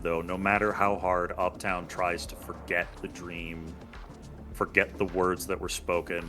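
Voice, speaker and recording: A man with a deep, pushed, bright voice plays a tabletop role-playing game. He casually describes what his character does and swears now and then.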